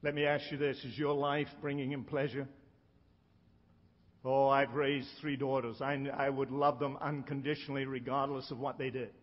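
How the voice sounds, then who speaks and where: A middle-aged man delivers a sermon with emphatic weight and slows right down on the lines he wants to land. His voice rings with a long reverb, as if he is in a big hall. The sound is a little dull and muffled. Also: medium pitch, flat delivery. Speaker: preacher.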